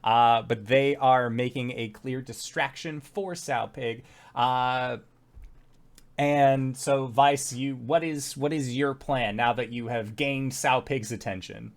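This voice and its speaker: A man's voice: mid-range voice, steady tone, slow pace. A man narrating as game master of a tabletop game, loose and full of fillers.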